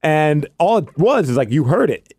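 Casting: male podcast co-host, animated storyteller, pitch swings a lot, dry studio sound. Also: moderate pace, husky, no room sound. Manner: animated storyteller, acts out quotes. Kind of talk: casual chat.

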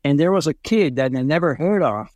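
A man from Brazil, an interview guest telling casual, animated stories with many fillers and acted-out quotes. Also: on the high side, fairly quick. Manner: animated, acts out quoted voices, frequent fillers. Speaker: interview guest, racing driver. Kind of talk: casual storytelling.

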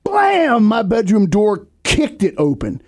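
A man's voice: on the high side, animated, fairly quick, creaky, darkish tone, dry recording, clean studio sound. A middle-aged man, a podcast co-host, telling a long story casually, laughing often and acting out the voices in it.

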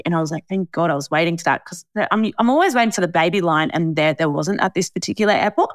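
A woman's voice: on the low side, quick pace, hardly any pauses, no room sound, studio quality. A young Australian woman hosting a podcast, telling a story in casual chat with frequent swearing and laughter. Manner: chatty storyteller, swears freely, laughs often. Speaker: podcast host.

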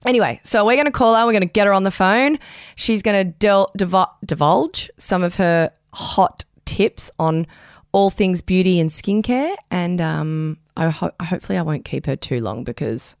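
A woman's voice: lowish voice, no echo, clean studio sound. A young woman hosting a podcast, rambling and swearing freely in casual chat. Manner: rambling, swears a lot, talks fast when excited. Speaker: podcast host. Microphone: studio headphones and mic.

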